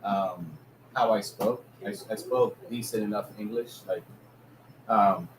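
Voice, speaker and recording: A man from Germany trades jokes and teasing in a casual chat. His voice rings in a roomy space, with clear background noise behind it. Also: fairly low pitch, measured pace. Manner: joking, teasing, profane. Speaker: podcast co-host. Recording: echoey room with background noise.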